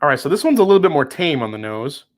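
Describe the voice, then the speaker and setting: A man on the high side, with big pitch swings and a quick pace, hosts a live whiskey tasting stream as a reviewer. He's laid-back and chatty, laughs easily, and swears casually now and then.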